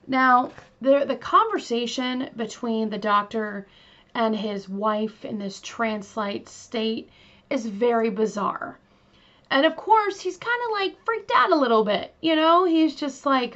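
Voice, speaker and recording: A woman's voice: fairly high pitch, slow, fairly bright tone. A woman hosting a true crime show, telling the case in a chatty, casual way with lots of fillers and asides to her listeners. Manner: chatty, many fillers, talks to listeners directly. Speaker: true crime podcast host. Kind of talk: casual storytelling. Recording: slightly dull lo-fi recording.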